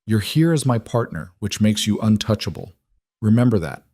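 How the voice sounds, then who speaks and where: A man voicing a calm, controlled mafia boss who speaks low and evenly. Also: normal speed, no echo.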